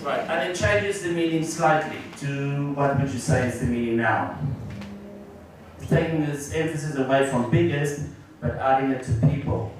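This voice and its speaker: A man's voice: mid-range voice, recorded from a distance, a little hiss or hum. A man giving a teacher training workshop, explaining steps and asking the audience questions in an encouraging way. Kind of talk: workshop presentation. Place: large echoey room with audience. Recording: echoey room recorded from afar.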